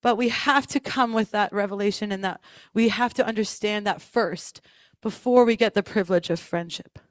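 A woman's voice: mid-range voice, normal speed, no echo. A woman telling a personal testimony during a church service, then leading into worship, with laughs and restarts as she tells it. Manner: animated storytelling with laughs and restarts. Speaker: worship leader. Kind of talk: sermon testimony.

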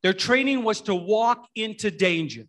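Male pastor, middle-aged, slightly high voice, halting sermon delivery full of restarts, folksy storyteller. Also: expressive, a bit bright. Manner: halting, repeats words and restarts often.

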